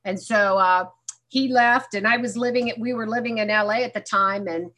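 A woman's voice: fairly high pitch, moderate pace, sharp tone. A woman speaking at a recovery meeting, telling her own story frankly and acting out remembered dialogue with self-mocking humor. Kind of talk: candid personal testimony.

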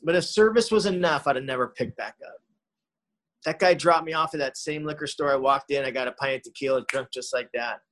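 A man's voice: medium pitch, brisk, a bit bright, poor audio. A man sharing his own recovery story in a conversational way, often adding "man" and "you know". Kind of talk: recovery talk testimony.

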